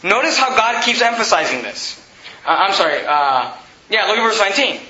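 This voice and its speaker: High, bright-voiced man preaching forcefully. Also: sing-song, normal speed. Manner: emphatic preaching, rising to shouts. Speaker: pastor. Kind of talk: sermon. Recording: echoey room, dull lo-fi sound.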